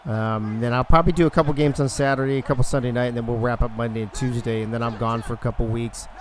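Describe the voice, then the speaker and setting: A man's voice: medium pitch, fairly even intonation, quick pace. Chatty man hosting a game stream. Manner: chatty, joking, thinks aloud. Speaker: league organizer and stream host. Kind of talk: casual live-stream chat over a video game.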